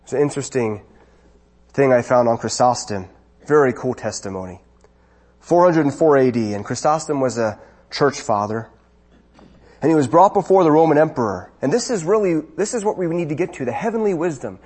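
A man's voice: medium pitch, expressive, a little fast, a little mellow, slightly rough. A man preaching a sermon, asking rhetorical questions and building to emphatic bursts.

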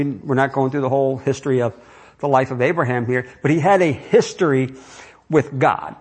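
A man's voice: medium pitch, a little mellow. A man preaching a sermon in a conversational way, asking his listeners question after question. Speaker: pastor.

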